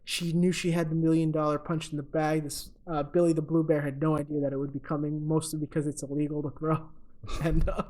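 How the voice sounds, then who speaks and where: A man's voice: fairly high pitch, level tone, a little fast, darkish tone. A young man co-hosting a podcast, casually retelling a movie's plot with lots of ums and uhs and chuckling at his own jokes. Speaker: podcast co-host. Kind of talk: casual comedic movie recap.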